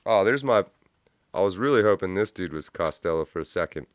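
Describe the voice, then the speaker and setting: A man's voice: sits low, lively intonation, fairly quick, dry recording. A man hosting a live stream, giving blunt, profane reaction commentary from a home studio, close on a mic with a pop filter. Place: home studio with a cat nearby.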